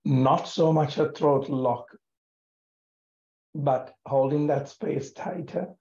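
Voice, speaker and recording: Slow, gentle male yoga teacher. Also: on the high side. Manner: gentle, calm, soothing, many pauses. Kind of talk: guided yoga breathing instruction. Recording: echoey room, dull lo-fi sound.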